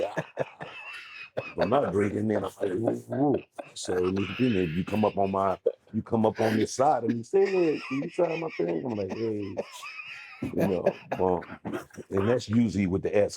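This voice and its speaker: A man's voice: on the low side, darkish tone, a little hiss or hum. A man, a comedian guest, telling rambling comic stories in casual chat and acting out little voices along the way.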